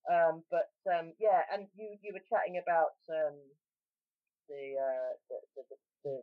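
A woman's voice: sits low, lively intonation, measured pace, no room sound. A woman from South London with a South London accent, chatting casually on a podcast, rambling and self-interrupting, calling people mate. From South London, England. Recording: dry tinny phone-like line.

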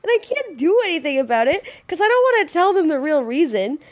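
A young woman co-hosting a podcast, telling a story in an animated way, laughing and acting out the people in it. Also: high voice, fast talker. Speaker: podcast co-host. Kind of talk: casual chat.

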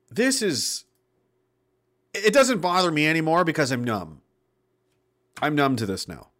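A man's voice: fairly high pitch, big pitch swings, slow pace, long pauses, a bit bright. A man giving an indignant, sardonic political rant on his vlog and swearing freely. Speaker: political commentator.

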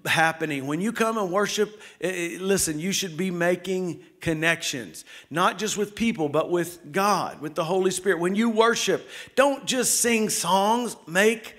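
A man with a high voice delivers an energetic sermon from a church sanctuary. He speaks quickly and excitedly, calling out to the congregation to clap and answer. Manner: fast, excited preaching with calls to the congregation. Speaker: lead pastor.

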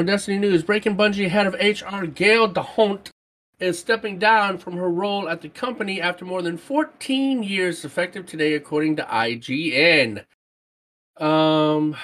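A co-host on a casual gaming stream, reading out chat messages and news in an excitable way. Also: medium pitch. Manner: animated, excitable, reads items aloud.

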